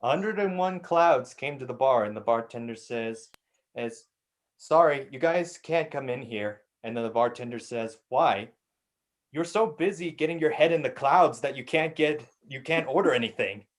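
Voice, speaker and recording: Man, improv player, plain mid voice, halting comic setups. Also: mid-range voice. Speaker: improv performer. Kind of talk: improv comedy game.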